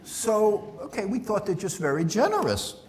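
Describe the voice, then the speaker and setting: Animated, joking middle-aged man. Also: high-pitched, moderate pace, slight background noise. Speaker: speaker. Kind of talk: humorous talk to an audience.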